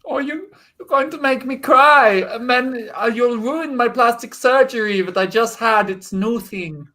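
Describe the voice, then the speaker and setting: A doting 1960s housewife gushes over her husband in a bright, sharp tone, as an improviser plays her. She speaks slowly and sweetly. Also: medium pitch. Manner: gushing, sweetly agreeable. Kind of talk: improvised comedy.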